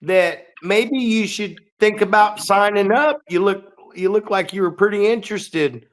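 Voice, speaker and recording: A man putting on the voice of a clueless, earnest young male wrestling trainee, high and drawn out. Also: measured pace.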